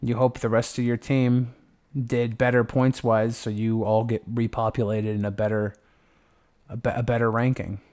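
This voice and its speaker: A man's voice: mid-range voice, flat delivery, moderate pace, darkish tone. A young man hosting a livestream, chatting casually in a rambling, playful way with lots of swearing. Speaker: livestream host.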